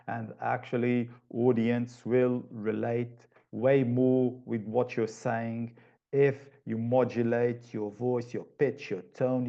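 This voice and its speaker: A man's voice: medium pitch, creaky, warm tone, lo-fi sound. A man giving a webinar presentation, explaining at length with frequent restarts over a video call. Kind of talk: online presentation talk.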